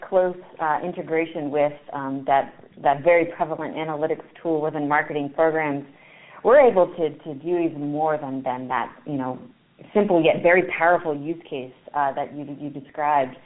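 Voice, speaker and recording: A woman's voice: low-pitched, moderate pace. A woman guest on a radio interview explaining marketing tools, talking with frequent fillers and restarts. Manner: hesitant, many fillers and restarts, enthusiastic. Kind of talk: interview answers. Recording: phone-like narrow sound.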